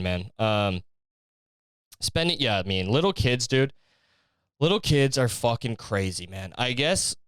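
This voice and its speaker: A man's voice: mid-range voice, a bit bright, clean tone, no echo, studio quality. A young man hosting a podcast alone, rambling in a profane, jokey monologue. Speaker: podcast host. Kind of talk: casual solo monologue.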